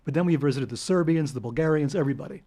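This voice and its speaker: An older man, telling long anecdotes as a guest in an interview, animated and chuckling. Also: on the high side, very fast. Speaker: guest author. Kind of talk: storytelling interview.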